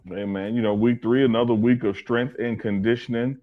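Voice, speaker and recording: A man's voice: medium pitch, steady tone, fairly quick, narrow, tinny audio, faint music behind. A man from Alabama co-hosting a casual sports talk show, joking and teasing his partner. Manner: playful, teasing, sing-song shouts. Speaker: co-host.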